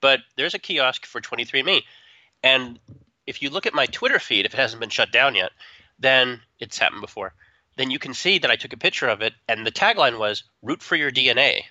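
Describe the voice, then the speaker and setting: Bright-voiced man, dry close podcast mic. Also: medium pitch, a little fast, dry recording, highs cut off. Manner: animated, joking, trails into asides. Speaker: podcast co-host. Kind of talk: casual opinionated chat.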